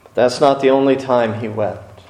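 A man preaching a sermon, speaking slowly with dramatic pauses and acting out quotes from scripture stories. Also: medium pitch, fairly even intonation, darkish tone. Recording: echoey room.

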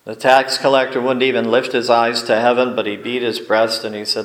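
A male pastor giving a sermon, telling folksy stories with deliberate pauses. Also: medium pitch, level tone, a bit bright, echoey room, rough recording. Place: church sanctuary.

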